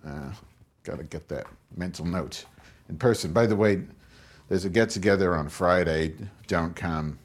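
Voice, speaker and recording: On his own show, this host talks at a moderate pace in a low voice. His delivery is crude and rambling as he tells comic stories, playing every part in the conversations and getting louder for the quoted lines.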